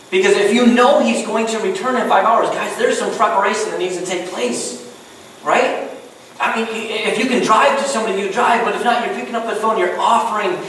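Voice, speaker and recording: Male pastor, high voice, casual questioning sermon, booming church echo, a little off-mic. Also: fairly bright tone. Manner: conversational, asks the room many questions. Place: church sanctuary. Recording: very echoey hall, voice a bit distant, faint noise.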